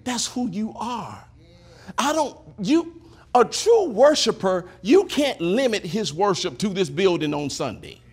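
A male preacher giving an animated sermon, leading the congregation to repeat after him and shouting at the high points. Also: measured pace, slightly rough. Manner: animated, call-and-response preaching, shouting at peaks.

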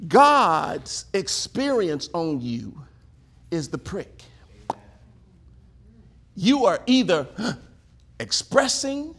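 A male preacher giving an animated sermon, leading the congregation to repeat after him and shouting at the high points. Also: slightly rough. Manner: animated, call-and-response preaching, shouting at peaks.

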